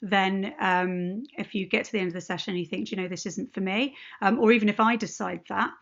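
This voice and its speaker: A woman coach speaks straight to her viewers in a relaxed, unscripted way. Her voice has a gravelly, fry-laden texture at a mid pitch. The recording sounds slightly dull and lo-fi. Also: a little fast. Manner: chatty, informal, addresses viewers directly. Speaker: ADHD hypnotherapist and coach. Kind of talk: unscripted direct-to-camera message.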